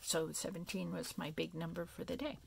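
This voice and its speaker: A woman casually showing her handmade paper crafts, talking softly and meandering as she thinks aloud. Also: fairly low pitch, fairly even intonation, moderate pace, creaky, slightly rough. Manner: soft, meandering, thinking aloud with many fillers. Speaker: craft vlogger. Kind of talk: casual crafting show-and-tell.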